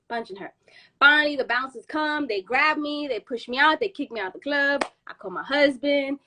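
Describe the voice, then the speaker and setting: A woman's voice: a little high, normal speed. A woman in her thirties hosting a podcast, telling a story in casual chat with slang and swearing, acting out what people said. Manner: animated, acts out quotes with slang and swearing. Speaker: podcast host.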